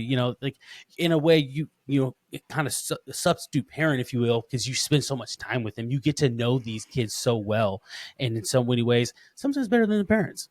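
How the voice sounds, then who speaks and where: Male podcast host, mid-pitch voice, rambling and animated, close dry mic. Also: no echo. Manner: rambling, animated storytelling with many restarts. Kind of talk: casual interview chat.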